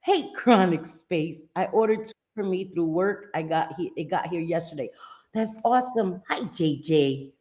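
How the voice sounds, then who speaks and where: Hosting a laid-back livestream, a woman reads out viewers' chat names to greet them, chats loosely and laughs easily. Her warm voice sits on the low side at a moderate pace, and the recording's highs are cut off.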